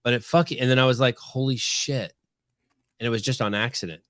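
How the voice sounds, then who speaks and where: A middle-aged man hosting a podcast, telling stories in casual chat, swearing freely and getting animated. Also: medium pitch, racing, no echo, studio quality. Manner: profane storytelling, animated. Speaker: podcast host.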